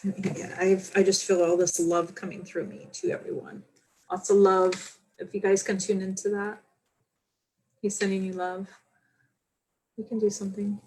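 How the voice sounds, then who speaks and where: A woman hosting a livestream as a spiritual medium, talking in a soft, heartfelt, halting way. She sounds tired. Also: mid-range voice, level tone, rough recording. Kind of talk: casual livestream talk.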